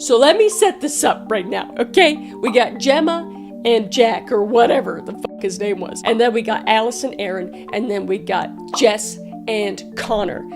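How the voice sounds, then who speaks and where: A woman with a fairly high voice recounts a crime case like gossip, swearing freely and stopping to check the viewer is keeping up. Faint music plays under her. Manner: chatty, profane, asides to the viewer. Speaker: storyteller. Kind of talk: casual true-crime storytelling.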